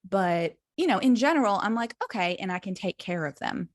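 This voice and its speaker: Animated woman telling a story. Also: mid-range voice, fairly quick, no room sound, studio quality. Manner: animated storyteller, swears freely. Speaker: podcast co-host. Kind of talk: casual chat.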